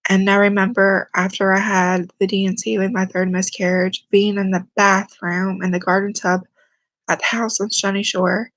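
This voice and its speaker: A young woman speaks quietly and haltingly, holding back tears as she tells a personal story to camera. Her voice stays flat and level, with little rise or fall. The sound is dry and close, with no room echo. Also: medium pitch. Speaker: vlogger.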